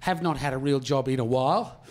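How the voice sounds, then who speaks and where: A man's voice: mid-range voice, a little fast. An Australian man in his forties doing a stand-up comedy routine, telling a story loosely, swearing and throwing asides to the audience. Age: 40s.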